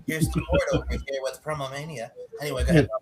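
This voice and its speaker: A man's voice: a little high, fairly even intonation, fast, a crowd in the background. A man co-hosting a casual podcast, playful and teasing, piling up pop-culture references as he banters. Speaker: podcast co-host.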